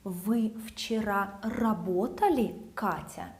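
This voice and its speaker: A woman's voice: mid-range voice, lively intonation, takes it slowly, mellow. A woman with a Russian accent teaching grammar, patiently repeating example phrases. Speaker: language teacher.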